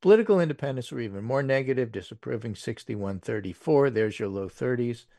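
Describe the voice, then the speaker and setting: A man's voice: medium pitch, animated, fairly quick, dark tone, dry recording, clean studio sound. A man hosting a casual political talk show, reading poll figures with wry asides and plenty of fillers. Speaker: political podcast host.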